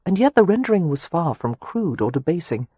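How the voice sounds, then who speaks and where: A narrator reads a scripted audiobook with measured, steady storytelling. Her lowish voice is soft and a little husky, recorded close and dry with no room sound.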